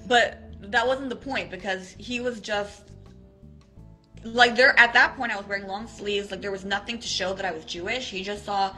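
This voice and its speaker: A woman's voice: medium pitch, fairly even intonation, normal speed, pushed and bright, faint music behind, rough recording. A woman from Israel, a guest in a casual chat, telling a story animatedly with many fillers. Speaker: interview guest. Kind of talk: casual video-call chat.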